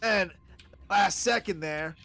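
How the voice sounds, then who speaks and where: A man playing in a tabletop game, chatting casually in an excitable way. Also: sits high, slow. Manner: lively, excitable. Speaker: player. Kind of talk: casual tabletop gaming chat.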